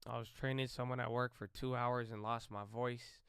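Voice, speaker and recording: A man's voice: mid-range voice, flat delivery, normal speed, vocal fry, clean tone, no echo. A man hosting a live trading stream, giving loose, chatty market commentary and calling listeners bro. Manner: says he tends to sound loud and yelling.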